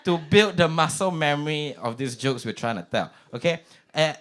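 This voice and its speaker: Animated Singaporean stand-up host. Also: male voice, fairly high pitch, normal speed, noisy background. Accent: Singaporean English. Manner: chatty, animated, self-mocking. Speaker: comedy open mic host. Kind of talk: stand-up comedy.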